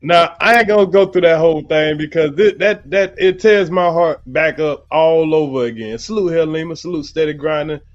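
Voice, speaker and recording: Man doing stream commentary, slightly high voice, rambling, dull lo-fi sound, faint music. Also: moderate pace, hardly any pauses. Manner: loose, rambling, heavy on fillers like you know what I'm saying. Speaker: livestream host. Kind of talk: casual livestream commentary.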